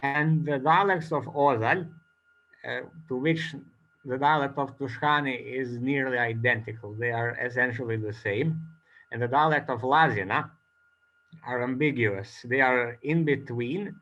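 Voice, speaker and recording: Slow, hesitant male academic presenter. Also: medium pitch, a bit bright, dull audio. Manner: hesitant, many filler pauses. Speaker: conference presenter. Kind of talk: academic conference talk.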